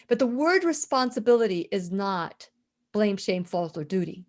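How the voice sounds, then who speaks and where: A woman's voice: mid-range voice, lively intonation, normal speed. A middle-aged woman hosting a radio interview, telling a personal story in an impassioned, emphatic way and often repeating her words. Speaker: radio show host.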